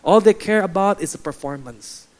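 Man preaching a lively sermon. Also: sits high, moderate pace. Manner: lively, mimics churchgoers' voices. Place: church hall.

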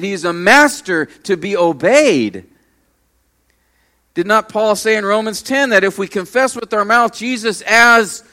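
A man preaching a sermon, earnest and emphatic, rising to strong peaks and then dropping low. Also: fairly bright tone. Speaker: pastor.

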